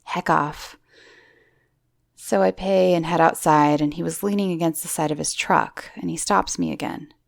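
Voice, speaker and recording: A woman's voice: lowish voice, fairly even intonation, moderate pace, vocal fry, no echo, studio quality. A woman host reading listeners' true horror stories aloud, with wry, swearing asides. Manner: wry, swearing asides between story lines. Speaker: horror story narrator.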